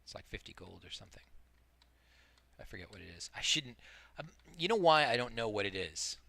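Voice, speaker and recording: With a medium-pitched, sharp-toned voice, a middle-aged man streams multiboxing gameplay, rambling casually, explaining his tactics as he goes, and making self-deprecating jokes. The recording is dry.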